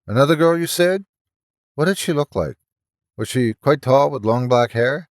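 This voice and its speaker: A man's voice: mid-range voice, big pitch swings, unhurried, no room sound, studio quality. A man voicing an anxious male doctor held captive, who speaks urgently and with sarcasm. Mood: tense.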